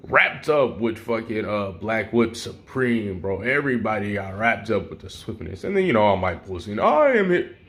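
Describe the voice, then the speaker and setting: A man's voice: fairly low pitch, normal speed, hardly any pauses, a bit bright. A young man casually retelling a fan story in heavy slang, rambling, swearing and making sound effects.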